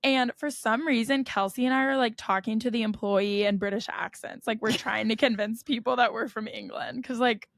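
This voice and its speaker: A woman's voice: a little high, steady tone, normal speed, hardly any pauses, no echo. A young American woman co-hosting a podcast, telling stories in a chatty way with frequent laughs and lots of "like". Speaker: podcast co-host. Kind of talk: casual chat.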